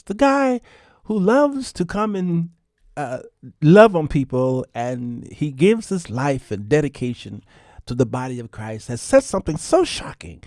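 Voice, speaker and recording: A man's voice: a little high, darkish tone, dry recording, studio quality. A man voicing a melodramatic male narrator who hypes a scandal in an overblown way. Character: breathless male narrator of a gossip video, hyping a scandal.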